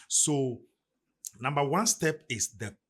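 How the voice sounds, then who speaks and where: A middle-aged Ghanaian man with a Ghanaian English accent appears as a guest on a motivational podcast. His medium-pitched voice is animated, slow-paced, fairly bright and breathy at the edges, and his emphatic, preacherly delivery rises and falls.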